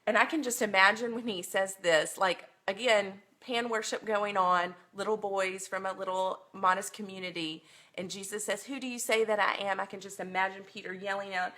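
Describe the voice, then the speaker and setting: Woman teacher, bright tone, heartfelt Bible study talk on a phone stream. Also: mid-range voice, steady tone, normal speed. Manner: earnest, emotional storytelling with many ums. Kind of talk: livestreamed Bible lesson.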